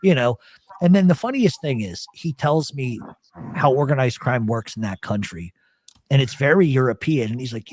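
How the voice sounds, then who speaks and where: A man hosting a radio show, telling animated, profane stories in casual chat. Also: mid-range voice, normal speed, no room sound, clean studio sound. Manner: animated, swears a lot.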